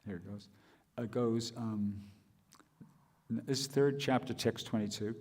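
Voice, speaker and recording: A man's voice: mid-range voice, measured pace, long pauses, darkish tone, big-room sound. A man giving a scripture class, thinking aloud with restarts and rhetorical questions.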